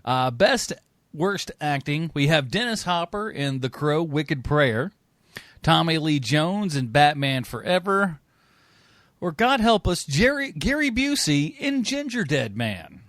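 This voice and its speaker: Guy hosting a movie podcast, kinda high voice, bouncy and jokey, dry close mic. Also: takes it slowly, dry recording. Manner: animated, jokey, trails off quietly. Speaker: podcast host. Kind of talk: casual chat.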